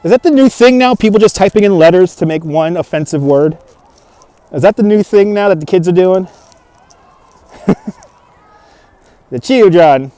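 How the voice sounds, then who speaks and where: Casual New male livestream host, slightly high and mellow, phone on gimbal, chatting with viewers. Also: animated, moderate pace, pauses often, no echo. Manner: chatty, reads out and answers viewer comments, laughs often. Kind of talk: casual walking livestream chat. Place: outdoors in a snowy park at dusk. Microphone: phone on a handheld gimbal.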